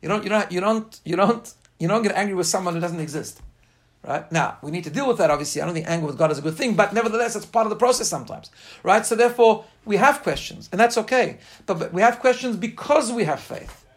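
A man's voice: high voice, lively intonation, fast talker. A man giving an informal class on faith, speaking earnestly and emphatically and weaving in personal stories. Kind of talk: informal spoken class lecture with personal anecdotes.

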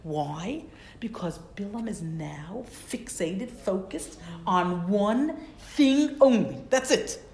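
A woman's voice: mid-range voice, lively intonation, slow pace, darkish tone. A woman teaching a Bible class who reads Hebrew verses, translates them, and repeats words for stress. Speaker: Torah teacher. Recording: roomy echo.

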